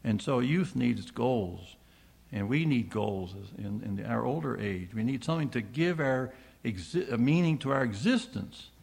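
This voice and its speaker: A man's voice: mid-range voice, lively intonation, normal speed, creaky, darkish tone, husky. An older man preaching a sermon, reading scripture aloud and asking his listeners questions he then answers himself. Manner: emphatic, asks the congregation rhetorical questions.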